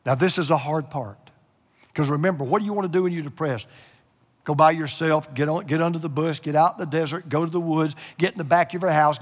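A middle-aged male pastor preaching a sermon, moving between hushed, near-whispered lines and loud, emotional passages. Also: a little high. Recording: echoey hall with long reverb.

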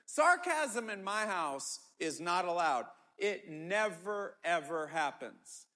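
A man's voice: sits high, big pitch swings, slow, sharp tone. A middle-aged man preaching a sermon, emphatic and repetitive, often restarting his words. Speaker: pastor.

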